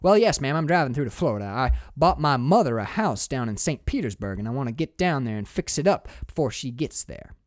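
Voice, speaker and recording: A man voicing a smooth-talking, lying male driver who is politely ingratiating. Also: medium pitch, sing-song, a little fast, few pauses, no room sound, studio quality, lightly acted.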